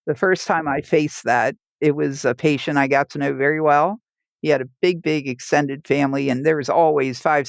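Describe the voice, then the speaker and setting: A woman's voice: low-pitched, creaky, dry recording. A woman, a hospice nurse, telling her own stories in a podcast interview, laughing as she goes and acting out what people said. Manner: vivid storyteller who laughs while telling and acts out the people she quotes. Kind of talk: personal storytelling in a podcast interview.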